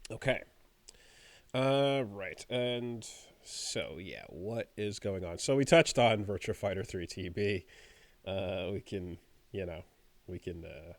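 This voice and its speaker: A man co-hosting a podcast in casual banter, laid-back and halting, often trailing off quietly. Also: deep voice, no room sound. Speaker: podcast co-host.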